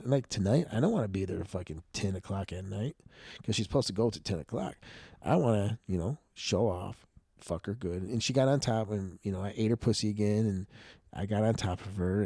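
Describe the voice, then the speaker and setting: A man's voice: fairly low pitch, warm tone, no room sound, studio quality. A man hosting a podcast, talking in a frank, profane, rambling casual monologue. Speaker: podcast host.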